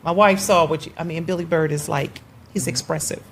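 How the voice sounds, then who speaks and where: A woman in her fifties, a guest, chatting about her husband in an animated, teasing, playful way. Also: sits low, brisk, slight background noise. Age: 50s. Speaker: guest, wife. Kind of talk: casual chat.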